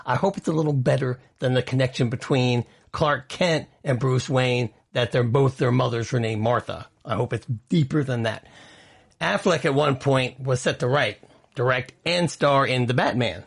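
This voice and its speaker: A man hosting an entertainment news podcast, chatty and opinionated, reading out quotes and adding his own asides. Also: mid-range voice. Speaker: podcast host. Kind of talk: casual entertainment news commentary.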